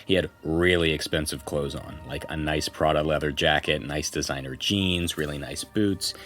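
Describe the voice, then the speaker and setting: A man's voice: a bass voice, steady tone, normal speed, fairly bright tone. A man co-hosting a podcast, reading a forum post aloud as a first-person story, with casual conversational asides. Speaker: podcast co-host.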